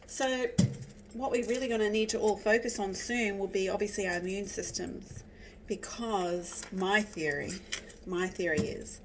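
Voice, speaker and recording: A woman's voice: medium pitch, noisy background. A woman rambling chattily while she cooks, teary and sniffly from cutting onions. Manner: chatty, rambling, self-interrupting. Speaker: vlogger cooking at home. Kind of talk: casual chat while cooking. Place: home kitchen. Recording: distant mic with loud kitchen clatter. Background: cutlery and dishes clattering.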